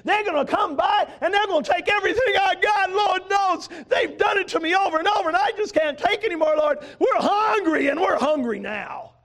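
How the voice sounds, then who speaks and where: A man playing a fearful farmer, desperate pleading, high pitched, loud outbursts. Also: expressive, brisk. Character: fearful hungry farmer hiding his grain from raiders.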